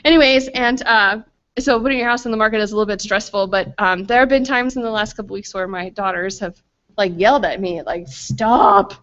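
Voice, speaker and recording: A woman's voice: medium pitch, fairly even intonation, fast, fairly bright tone. A woman in her thirties speaking at a family retreat, chatty and self-deprecating, full of fillers and asides. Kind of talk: casual faith talk with stories. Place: school retreat hall. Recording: slightly muffled lo-fi recording.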